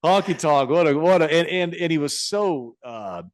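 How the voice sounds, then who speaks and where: A man co-hosting a podcast, telling stories in casual chat, animated with many restarts. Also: fairly high pitch, normal speed, dry recording, studio quality. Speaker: podcast co-host.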